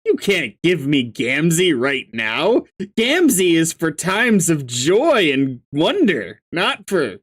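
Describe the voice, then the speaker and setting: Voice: mid-range voice, sing-song, slow, breathy edge, no room sound, studio quality. A casual narrator reading a webcomic aloud, with laughing, swearing asides. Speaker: webcomic reader.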